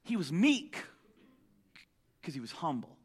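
A man preaching a sermon, telling the story with lively jokes and asides. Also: a little high, unhurried, breathy edge. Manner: animated storytelling, joking asides.

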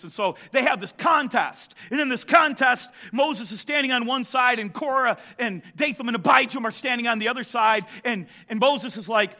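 A man preaching a sermon, telling the story with lively jokes and asides. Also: very high voice, normal speed, hardly any pauses. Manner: animated storytelling, joking asides.

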